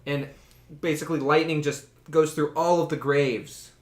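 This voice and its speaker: A man's voice: fairly high pitch, fairly even intonation, moderate pace, reverberant. A man narrating as game master of a tabletop game, rambling with fillers and laughing.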